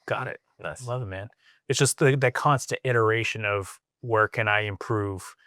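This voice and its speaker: A man's voice: on the low side, fairly even intonation, moderate pace, fairly bright tone, dry recording, clean studio sound. A man co-hosting a podcast who asks long, thoughtful questions. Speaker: podcast co-host. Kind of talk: casual podcast conversation.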